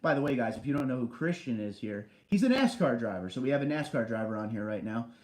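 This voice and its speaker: A man hosts a relaxed livestream, reading out viewer comments and chatting back at them. His voice sits at an ordinary middle pitch. It rings with the echo of a big basement room. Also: quick pace. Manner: chatty, reads comments aloud and answers them. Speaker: livestream host. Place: large basement room indoors.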